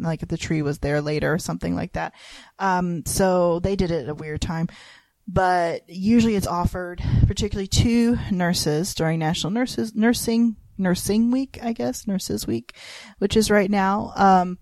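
A woman talks loosely and chattily as a podcast co-host, her voice sitting a little low for a woman. She wanders through her thoughts with plenty of "um"s, "like"s and bursts of laughter. The sound is dry and close, with no room around it. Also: darkish tone, no room sound. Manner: rambling, lots of fillers and laughs. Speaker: hospital chaplain resident. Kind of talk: casual chat.

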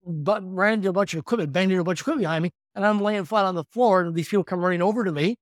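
A man in his fifties, a podcast guest telling his story with energetic, animated delivery. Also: sits high, very fast, dry recording, clean studio sound. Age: 50s. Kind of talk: storytelling in conversation.

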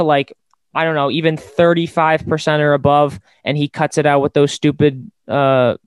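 A man's voice: medium pitch, clear, resonant tone, dry recording. A man hosting a casual sports podcast, rambling and opinionated, with lots of fillers. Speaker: podcast host.

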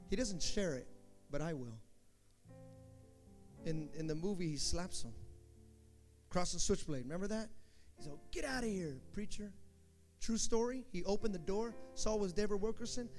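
A man preaching a sermon, telling stories with animated energy and acting out shouted quotes. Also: high voice. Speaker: pastor.

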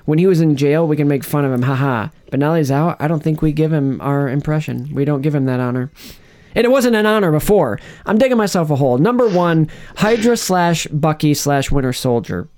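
A man's voice: a little high, animated, brisk, a little mellow. A man hosting a casual chat, rambling and restarting his sentences, laughing often. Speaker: podcast host. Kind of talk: casual chat, ranking movie villains.

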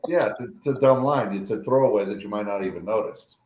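An American man co-hosting a casual podcast chat over a video call, enthusiastic and quick to repeat his praise. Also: fairly low pitch, echoey room, a loud crowd, low-quality recording. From United States.

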